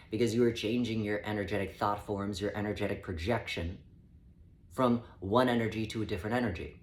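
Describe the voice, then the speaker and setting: A man channeling a collective voice, giving a measured spiritual self-help talk that addresses the listener as "we". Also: fairly low pitch. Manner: measured, calm, speaks as "we" to the listener. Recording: echoey room with faint ambient noise.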